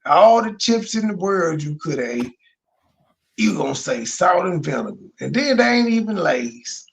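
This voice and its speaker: A man's voice: high-pitched, very animated, normal speed, creaky. A man hosting a reaction commentary, mocking and blunt, firing off rhetorical questions with plenty of profanity. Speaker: commentary host reacting to a livestream.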